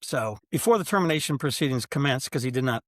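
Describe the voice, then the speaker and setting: Older man telling lively stories. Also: medium pitch, fast, no room sound, studio quality. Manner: animated anecdotal storyteller, acts out quoted exchanges. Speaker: podcast guest, sports executive. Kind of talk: casual storytelling interview.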